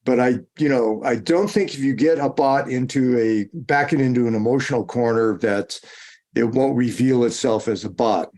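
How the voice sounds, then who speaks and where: A man's voice: mid-range voice, normal speed, darkish tone. A man speaking as a guest in a casual interview, rambling and digressive, often restarting and correcting himself mid-sentence.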